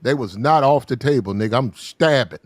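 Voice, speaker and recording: A man telling a crude story in casual podcast talk, loud and animated, swearing and acting out the quotes. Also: mid-range voice, moderate pace, dry recording, studio quality.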